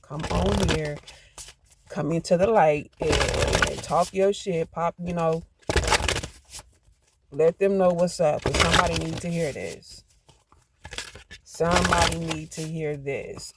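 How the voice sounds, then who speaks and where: A man giving a channeled tarot card reading, emphatic and prone to getting hyped, then talking himself back down. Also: fairly high pitch. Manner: emphatic, gets hyped, talks to self.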